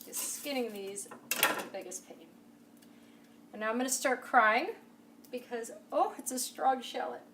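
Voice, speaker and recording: Cooking in her home kitchen, a home cooking show host talks directly to the viewer in a chatty, enthusiastic way. Her voice is a little high and unhurried with frequent pauses, and the distant camera mic picks up kitchen noise, sizzle, and utensil clatter.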